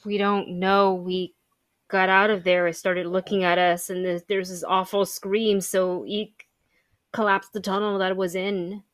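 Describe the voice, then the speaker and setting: A woman's voice: mid-range voice, flat delivery, measured pace, no echo. A woman playing a tabletop game, speaking in character and asking the game master questions, with hesitant restarts. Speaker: player.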